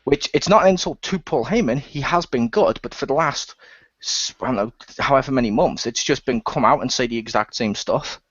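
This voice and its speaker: A man co-hosts a relaxed podcast chat, cracking jokes and laughing at his own remarks. His voice sits in a middle range. It comes through a dry, muffled, lo-fi recording. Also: medium pitch, breathy edge, no echo. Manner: joking, quick asides with laughs. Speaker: podcast co-host. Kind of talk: casual chat.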